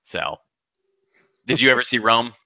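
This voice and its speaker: A man co-hosting a casual movie chat, excitable and profane, often stumbling and restarting. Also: medium pitch, unhurried, dry recording. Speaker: podcast co-host.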